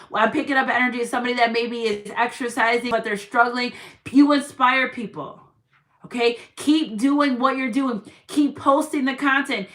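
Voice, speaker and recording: A woman's voice: fairly high pitch, a bit bright. A woman doing a tarot reading for her viewers, encouraging them with repeated affirmations and quoting scripture. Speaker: tarot reader. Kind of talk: spiritual reading monologue.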